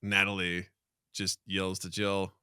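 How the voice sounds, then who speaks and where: A middle-aged man co-hosting a podcast, telling stories in a casual, animated way and acting out quotes, sometimes with shouts. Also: deep voice, slow pace, clean tone. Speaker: podcast co-host. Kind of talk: casual chat.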